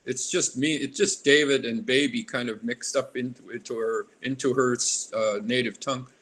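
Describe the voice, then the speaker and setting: A man's voice: medium pitch, steady tone, moderate pace, a bit bright. A man in his sixties from Alaska, an artist being interviewed, who drifts into long tangents and loses his thread. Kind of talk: casual interview.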